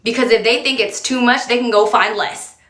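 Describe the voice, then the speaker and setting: A woman's voice: fairly high pitch, steady tone, moderate pace, fairly bright tone. A woman giving casual, direct advice to camera in a chatty way, coaxing the listener along. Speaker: advice creator. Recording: roomy echo.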